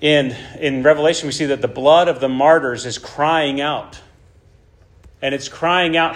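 A man's voice: on the high side, fairly even intonation, measured pace. A man preaching a sermon in an emphatic way, often checking in with his listeners. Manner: emphatic, checks in with "right?" and "okay?".

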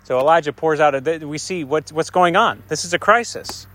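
A man preaching a sermon, retelling scripture conversationally, swinging between raised passages and hushed, soft asides and checking in with his listeners. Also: a little high, fairly quick.

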